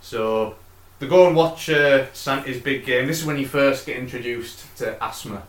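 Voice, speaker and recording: A man co-hosting a casual film review podcast, sweary and quick to laugh. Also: mid-range voice. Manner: sweary, laughs often, rambling. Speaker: podcast co-host. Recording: echoey room.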